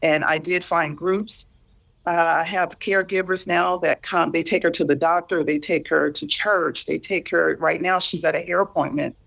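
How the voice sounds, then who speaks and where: A woman in her fifties talking candidly and earnestly about caring for a parent, halting and repeating herself as she searches for words. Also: on the low side, steady tone, gravelly, fairly bright tone. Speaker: guest sharing caregiving story. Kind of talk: candid emotional conversation.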